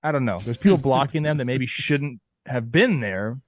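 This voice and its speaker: A man's voice: medium pitch, expressive, normal speed, no room sound. A man co-hosting a casual sports podcast, laid-back and rambling. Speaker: podcast co-host.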